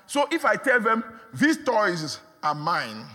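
A man's voice: high voice, big pitch swings, takes it slowly. Emphatic preacher man in a reverberant hall. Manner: emphatic, repeats words, swings from hushed to shouting. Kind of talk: sermon.

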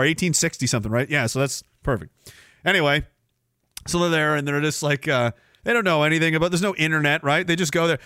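Male stream host, exasperated sarcastic ranter, slightly high voice, dry booth sound. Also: sharp tone, no echo. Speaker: podcast host. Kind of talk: ranting live stream commentary.

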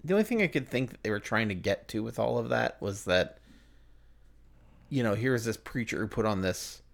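A man's voice: lowish voice, expressive, fairly quick, gravelly. A man co-hosting a podcast, casually recapping movie scenes with lots of filler words. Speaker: podcast co-host. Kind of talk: casual movie review chat.

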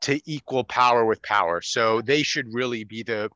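An opinionated man chats casually as a podcast co-host and teases his friend. His voice is bright and forward. It is recorded dry and close. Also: medium pitch, moderate pace, no room sound, highs cut off. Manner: teasing, opinionated. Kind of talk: casual chat.

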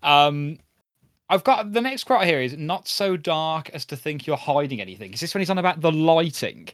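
A man co-hosting a podcast, chatting casually and enthusiastically with quick asides. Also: fairly high pitch, animated, a bit bright. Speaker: podcast co-host. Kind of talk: casual chat.

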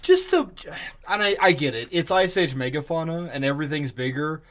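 A man's voice: fairly high pitch, sing-song, fairly quick. Joking, foul-mouthed podcast man. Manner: joking, swears a lot, playful. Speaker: podcast co-host. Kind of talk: casual chat.

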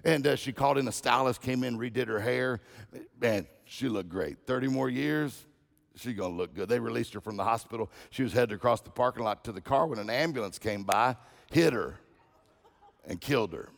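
A man preaches as a visiting speaker, telling jokes and personal anecdotes. His voice sits at a middle pitch with a gravelly edge. He often circles back and repeats key phrases. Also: normal speed. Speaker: guest speaker. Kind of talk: humorous sermon storytelling.

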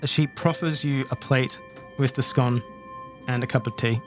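A man's voice: mid-range voice, fairly even intonation, measured pace, over music. Man narrating a tabletop game. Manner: descriptive, with fillers. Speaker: game master.

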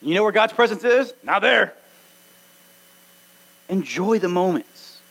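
A man's voice: sits high, lively intonation, measured pace, creaky, a bit bright, breathy edge, rough recording. A man preaching a sermon as pastor to his church, earnest and exhorting, acting out little snatches of conversation. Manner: earnest, exhorting, acts out quoted dialogue.

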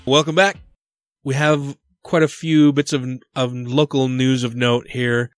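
A man hosts a podcast in easy, questioning conversation. His pitch sits in the middle range. The recording is dry. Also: flat delivery, a little slow, no room sound, faint music behind. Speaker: podcast host. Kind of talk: casual chat.

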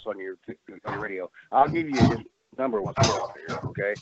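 A man's voice: lowish voice, animated, a little fast, a crowd in the background. An older man, a former wrestler, telling salty stories on a phone interview and laughing at his own tales. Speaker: former pro wrestler, guest. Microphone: telephone. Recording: tinny phone line.

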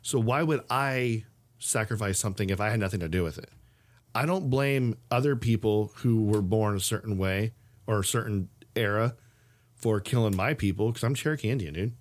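A man's voice: fairly low pitch, moderate pace. A man co-hosting a podcast, chatting casually and telling stories with frequent laughs. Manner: animated storyteller, laughs often. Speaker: podcast co-host. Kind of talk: casual chat.

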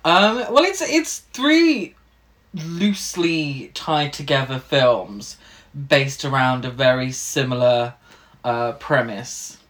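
A man's voice: mid-range voice, animated, slow, a bit bright. Hesitant man chatting about films. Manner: hesitant, many ums. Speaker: podcast co-host. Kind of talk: casual film chat.

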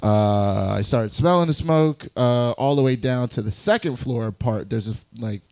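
A man telling a comedic story on a podcast, laid-back and profane, slipping into quick voices for the people he quotes. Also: medium pitch, warm tone. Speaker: guest storyteller.

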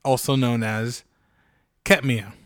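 A man's voice: mid-range voice, fairly even intonation, slow pace, dry recording. A man in his forties co-hosting a podcast in casual chat, with dry, self-deprecating humor. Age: 40s. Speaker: podcast co-host.

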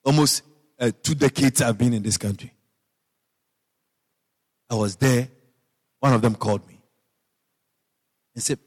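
A Guyanese man preaching a radio sermon, emphatic, dropping into low asides and rising into high shouted repeats. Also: a little slow, pauses often, slightly rough, big-room sound.

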